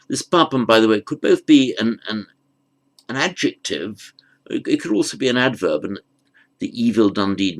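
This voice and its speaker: A man teaching the meaning of an old verse, patiently explaining each word after reciting it slowly. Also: on the low side, poor audio. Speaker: Pali language teacher. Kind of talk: unhurried lesson on a verse.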